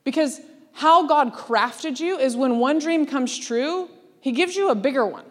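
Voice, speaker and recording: A woman preaching a sermon in a lively, laughing way, acting out the voices she quotes. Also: sits high, a little slow. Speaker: speaker. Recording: long hall reverb.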